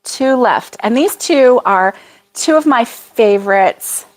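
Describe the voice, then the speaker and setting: A woman's voice: on the high side, lively intonation, slow. A woman hosting a casual livestream chat, chatty and apologetic, laughing often as she reads viewer comments. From United States.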